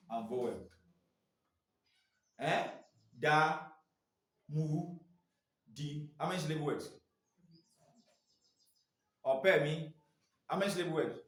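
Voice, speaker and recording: Man, teacher trainer, quizzing style, distant mic. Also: a little high. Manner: quizzing, asks "what?" and waits for answers. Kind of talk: phonics training lesson. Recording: echoey room, mic far off.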